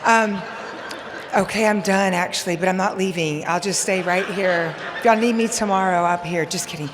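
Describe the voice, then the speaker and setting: A woman's voice: fairly low pitch, moderate pace. Texan woman, 40s, bubbly and rambling, podium mic, echoing banquet hall, faint background hiss. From Texas, USA. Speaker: hall of fame inductee. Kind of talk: acceptance speech. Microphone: podium microphone. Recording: long hall reverb, faint noise.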